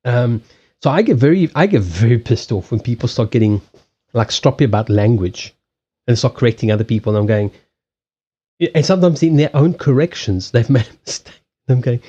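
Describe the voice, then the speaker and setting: A man's voice: mid-range voice, lively intonation, fairly quick, dark tone, husky, highs cut off. A man with a Southern African English accent, hosting a casual livestream chat with viewers, rambling with lots of restarts, laughing often and swearing bluntly. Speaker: livestream host doing card readings.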